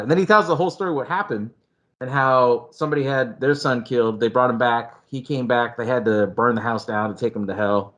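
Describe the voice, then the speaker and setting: Man, mid-pitched, casual movie chatter, cusses freely, acts scenes out. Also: fast, lo-fi sound. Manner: animated and profane, acts out scenes with loud shouts. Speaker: podcast co-host.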